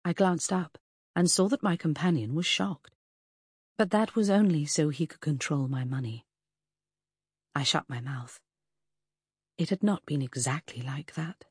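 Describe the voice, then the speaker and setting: A woman reading a first-person novel aloud in a measured, even storytelling voice, recorded close on a studio mic. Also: deep voice, slightly rough, dry recording. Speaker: audiobook narrator. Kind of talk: first-person audiobook narration.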